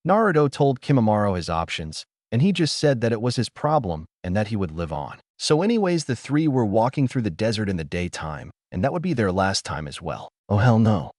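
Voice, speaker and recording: Brief: male storyteller, low and animated, dry close mic. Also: fairly quick, few pauses, no room sound. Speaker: narrator. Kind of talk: fan fiction audiobook reading.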